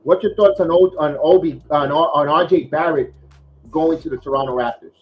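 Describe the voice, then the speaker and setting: A man hosting a sports podcast, his voice a touch higher than most men's. He rambles through his points with fillers and false starts. The audio sounds dull and lo-fi. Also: moderate pace. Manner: rambling, many fillers and restarts. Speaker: podcast host. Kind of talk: casual sports podcast talk.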